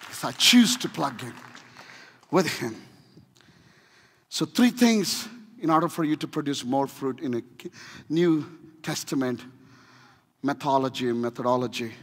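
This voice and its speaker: A man with an Indian accent preaching a sermon, swinging between shouting and hushed delivery, with humorous asides. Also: medium pitch, lively intonation, a little slow, long pauses, slightly rough. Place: church sanctuary. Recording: long reverb of a church hall.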